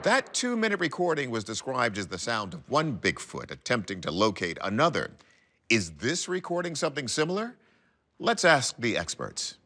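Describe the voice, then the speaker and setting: A man's voice: medium pitch, moderate pace. A man narrating a documentary as host, in a scripted, dramatic delivery. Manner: dramatic, lively intonation. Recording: voice-over with music.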